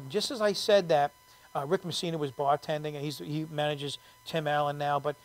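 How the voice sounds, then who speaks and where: A man's voice: on the high side, steady tone, fairly quick, poor audio. A man chatting as a guest comedian in an interview, rambling and fumbling for names. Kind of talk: casual interview chat.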